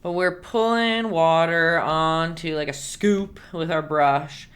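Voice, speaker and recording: A woman's voice: low-pitched, slow. A woman leading a live-streamed painting lesson, chatty and encouraging, humming to herself as she works. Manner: chatty and encouraging, hums while working. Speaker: painting instructor.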